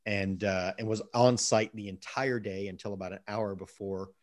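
A middle-aged man telling a long personal story in a casual interview, animated and repeating words as he gets going. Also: fairly low pitch, normal speed. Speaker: guest.

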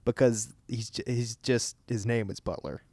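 A man's voice: medium pitch, fairly even intonation, normal speed, a little mellow, dry recording. A young man co-hosting a podcast, chatting casually in a rambling, joking way. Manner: rambling, laughing, self-deprecating. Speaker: podcast co-host. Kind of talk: casual chat.

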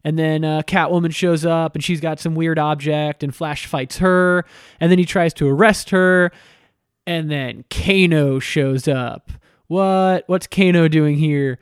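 A man's voice: a little high, steady tone, measured pace, smooth, no echo, studio quality. A man casually recapping a video game story, chatty and irreverent, with swearing and lots of fillers.

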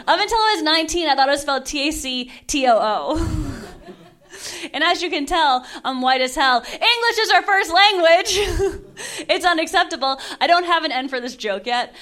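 Woman, twenties, stand-up comedian, deadpan delivery, laughs at her own jokes, bright voice. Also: high voice, moderate pace. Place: comedy club stage.

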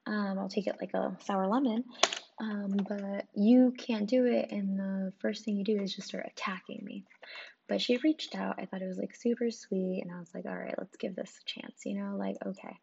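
Young woman vlogger telling a story, casual and profane, gravelly fry, dull lo-fi audio with a noisy background. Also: medium pitch, fairly even intonation, moderate pace, mellow. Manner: chatty, profane, lots of "like" and "um". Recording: dull lo-fi audio with clear noise.

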